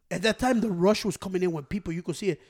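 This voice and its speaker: A man's voice: high voice, a little mellow. A man telling a story in casual chat, laughing often, swearing freely and mixing Spanish into his English.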